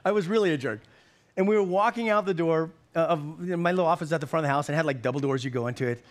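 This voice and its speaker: A man in his fifties preaching to a congregation with a voice a touch higher than most men's. He talks in a folksy, joking way, often doubling back and repeating words before he lands a point. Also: racing. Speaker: pastor. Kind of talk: sermon.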